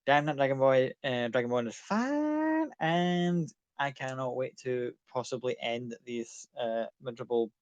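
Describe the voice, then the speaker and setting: A man's voice: mid-range voice, lively intonation, unhurried, few pauses, smooth, no echo, dull audio, natural voice. A man voicing a sly smug female fiend. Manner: coy, teasing, evasive.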